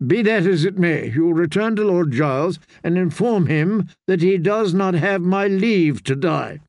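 A man's voice: sits high, expressive, measured pace, darkish tone, no echo, studio quality, voice pushed up. A man voicing a cruel, scornful adult queen who speaks in clipped commands. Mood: commanding. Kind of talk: audiobook character voice.

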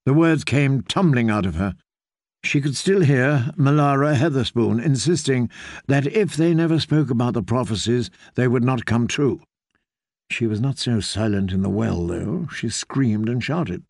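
A man narrating an audiobook in a steady, even storytelling manner. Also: medium pitch, unhurried, vocal fry, no room sound, studio quality. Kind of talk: scripted narration.

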